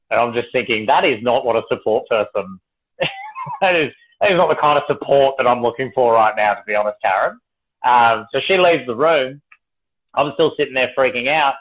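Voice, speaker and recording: A man's voice: mid-range voice, big pitch swings, normal speed, husky. Swearing Australian man spinning a yarn. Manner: swearing, laughing, acting out quotes. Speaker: comedian telling a story. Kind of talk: casual storytelling. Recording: tinny phone-like audio.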